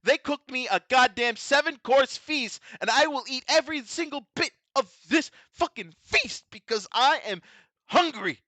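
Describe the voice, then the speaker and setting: Man, fan commentary, gushing, emphatic, repeats himself, swears, high bright voice, dry close sound. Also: animated, normal speed, no room sound. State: emotional, overwhelmed. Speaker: vtuber host reviewing a tokusatsu episode.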